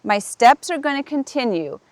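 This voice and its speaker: Calm, explanatory horse trainer woman. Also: high voice, moderate pace, no room sound. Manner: calm and explanatory, with warm bursts of praise. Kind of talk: step-by-step instruction.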